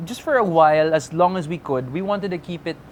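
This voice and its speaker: A young man, an interview guest, talking candidly and relaxed, switching between English and Filipino. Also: a little high, brisk, a little hiss or hum. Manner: relaxed, mixes English and Filipino, acts out quoted voices.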